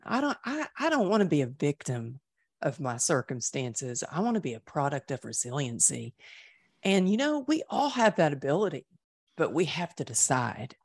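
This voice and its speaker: A woman's voice: deep voice, big pitch swings, moderate pace, slightly rough, no echo, clean studio sound. A middle-aged woman telling her recovery story in an interview, earnest and emotional, with frequent restarts. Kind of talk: candid interview conversation.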